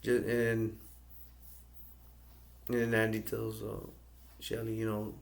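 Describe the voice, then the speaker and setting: Monotone man retelling a movie plot. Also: lowish voice, a little slow, gravelly, pauses often. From United States. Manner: flat, rambling retelling. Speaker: movie reviewer. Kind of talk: casual plot recap.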